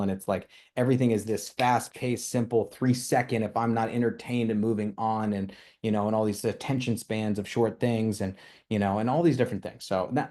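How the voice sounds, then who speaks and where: A young adult to middle-aged man with a toddler at home gives his team a passionate motivational training talk. His voice is lowish and somewhat dark. He rambles, starts sentences over and keeps tacking questions onto them.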